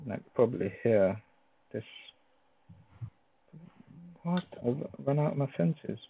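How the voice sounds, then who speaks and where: A man's voice: medium pitch, expressive, slow pace, creaky, slight background noise. A man casually chatting and joking while playing a game with friends. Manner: teasing, jokey, laughs a lot. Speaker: Minecraft let's player. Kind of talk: casual gaming chat. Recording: dry, phone-like voice chat.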